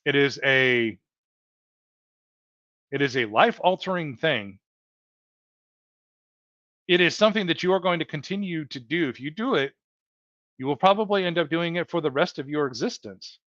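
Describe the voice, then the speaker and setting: An earnest man hosts a heartfelt motivational livestream, circling back over his points and calling the audience folks. His voice sits a touch high. The sound is dull and lo-fi, with a dry, close feel. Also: expressive, moderate pace, long pauses, fairly bright tone, no room sound. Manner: earnest, repetitive, addresses viewers as folks. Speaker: livestream host.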